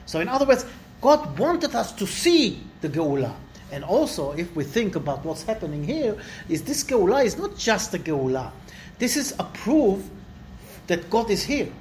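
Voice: normal speed, slight background noise. A Torah teacher giving a Bible lesson to a small class indoors, acting out quoted lines with rising, dramatic delivery. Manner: animated, acts out quotes with rising pitch. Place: indoor room with listeners.

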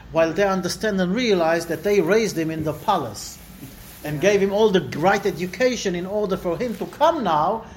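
A Torah teacher giving a Bible lesson to a small class indoors, acting out quoted lines with rising, dramatic delivery. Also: a little hiss or hum. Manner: animated, acts out quotes with rising pitch. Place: indoor room with listeners.

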